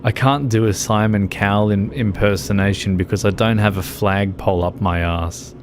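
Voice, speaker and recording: A man's voice: lowish voice, steady tone, normal speed, a little hiss or hum. A man streaming a game who chats casually, rambles and laughs often.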